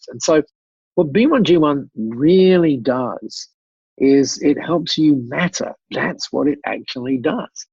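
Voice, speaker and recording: A man, an interview guest and business mentor, talking with animated emphasis, repeating words and telling anecdotes. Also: mid-range voice, slightly rough, dry recording, dull audio. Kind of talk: storytelling in a podcast interview.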